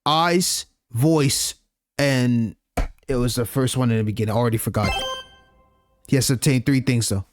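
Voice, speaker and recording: A man streaming a video game, reacting excitedly with slang and reading the game text aloud. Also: medium pitch, normal speed, long pauses, noisy background. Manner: excitable, loud outbursts and slang. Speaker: let's play streamer. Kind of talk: gameplay commentary, reading dialogue aloud.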